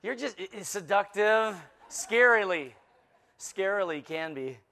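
A man in his fifties with a notably high-pitched voice preaches as a guest pastor. He fills his sermon with jokes and playful teasing of the congregation, telling stories with lively animation. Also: a little slow, creaky. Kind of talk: joke-filled sermon.

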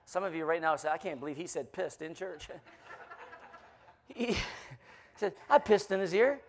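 High-voiced joking pastor man. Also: normal speed, slight background noise. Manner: playful, teasing, animated storyteller. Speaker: guest pastor. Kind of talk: joke-filled sermon.

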